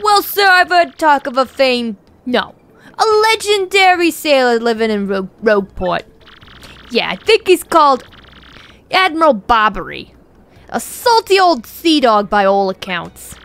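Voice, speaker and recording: A woman voicing a rough-talking male pirate sailor, a loyal deckhand, in a video game playthrough. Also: sits high, sing-song, a little slow, a bit bright, full character voice. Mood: eager.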